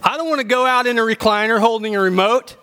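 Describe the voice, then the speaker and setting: A man with a notably high voice preaches a sermon to his church. His delivery is animated and humorous, and he climbs to emphatic points. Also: fast talker. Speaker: pastor.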